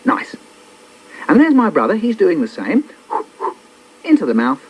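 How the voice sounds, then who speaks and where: A man's voice: sits high, wildly swooping pitch, unhurried, a little hiss or hum. A man performing his own children's poems in a playful, theatrical way, slipping into little character voices. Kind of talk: performed poetry reading for children. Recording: dull old cassette copy.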